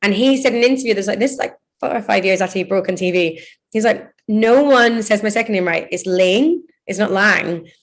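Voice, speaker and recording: A woman's voice: medium pitch, quick pace. A woman with a British accent, a DJ and radio host, telling chatty stories in a casual interview. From United Kingdom. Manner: chatty anecdotal storytelling.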